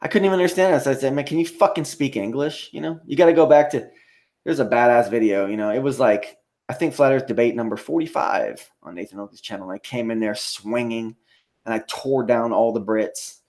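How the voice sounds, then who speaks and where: A man's voice: mid-range voice, a little fast, darkish tone. An American man hosting a live stream, reading out viewer comments and reacting in profane, rambling casual talk, with frequent laughter. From United States.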